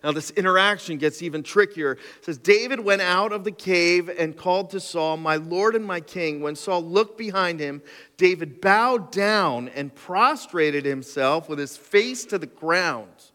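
A man's voice: high voice, measured pace, pushed and bright. A male pastor preaching a sermon, reading scripture and breaking off for joking asides. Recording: long hall reverb.

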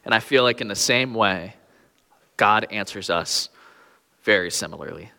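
A man's voice: fairly low pitch, moderate pace, gravelly, pushed and bright, in a large hall. A young man preaching a sermon with earnest, pleading emphasis on key phrases.

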